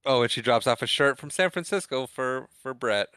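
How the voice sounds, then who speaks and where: Smooth-voiced man recapping a movie. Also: medium pitch, lively intonation, normal speed, fairly bright tone, no room sound. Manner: retells scenes, acting out quotes with laughs. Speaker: podcast co-host. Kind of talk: casual chat recapping a film.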